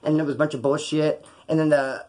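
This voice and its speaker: In a small, hot room, a California man with a somewhat high voice rattles off prison stories at a brisk clip. The telling is casual and foul-mouthed, with animated impressions of everyone involved.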